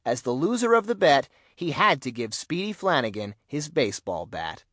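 A man narrating a children's mystery storybook in an expressive, animated reading. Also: mid-range voice, normal speed, no echo. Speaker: audiobook narrator.

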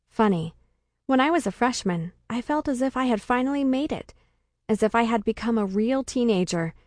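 A woman narrating a first-person comic story with a dry, deadpan delivery. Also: mid-range voice, no echo. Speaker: audiobook narrator.

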